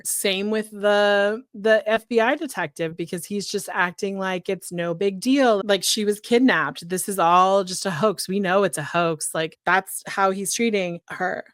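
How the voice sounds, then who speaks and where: A woman co-hosting a podcast, recapping a true-crime story in blunt, profane, animated casual chat. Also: mid-range voice, clean tone, no room sound, studio quality. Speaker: podcast co-host.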